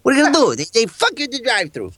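A man's voice: very high-pitched, huge pitch swings, rapid-fire, bright, forceful tone, no room sound, voice pushed up, heavily acted. A man voicing Batman as a hot-tempered Italian-American tough guy, with an exaggerated Italian-American accent and pleading, exasperated gangster talk. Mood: agitated.

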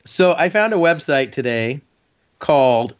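Male podcast co-host, animated raunchy storyteller, slightly high voice, dull lo-fi recording. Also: unhurried, clear, resonant tone. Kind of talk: crude comedic banter. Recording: muffled lo-fi podcast audio.

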